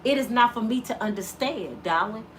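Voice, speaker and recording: A woman's voice: on the high side, lively intonation, normal speed, fairly bright tone, slight background noise. A middle-aged woman giving an impassioned vlog monologue as a mother, preaching with rhetorical questions in casual dialect. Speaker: mother of an inmate, vlogger.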